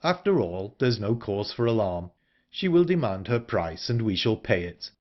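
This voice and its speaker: A man voicing a grave, reserved man in an audiobook, speaking low and slowly. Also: big pitch swings, lo-fi sound. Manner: low, slow, restrained. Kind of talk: audiobook character reading.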